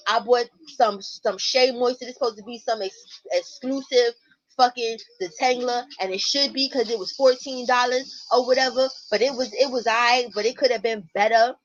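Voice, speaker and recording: A woman, host of a casual livestream, telling stories to her viewers at home in a blunt, profane, animated way. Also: on the high side, moderate pace. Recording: muffled lo-fi stream audio.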